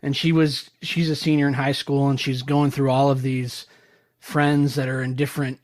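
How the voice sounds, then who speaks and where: A man's voice: medium pitch, little pitch movement, moderate pace, a little mellow. Thoughtful man hosting a podcast. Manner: thoughtful, searching phrasing. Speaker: podcast host. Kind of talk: reflective conversation.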